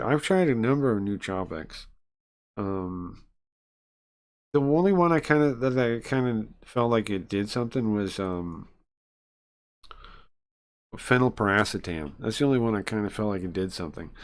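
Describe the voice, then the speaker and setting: Man, lowish voice, live-stream game reading, casual chat, lots of ums. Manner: rambling, many filler ums, reads game text and chats between.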